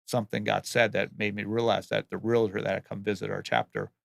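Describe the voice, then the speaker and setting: A man's voice: fairly low pitch, little pitch movement, brisk, creaky, no echo, studio quality. A man who builds and remodels homes, answering interview questions in a plain, earnest way and often restarting his words.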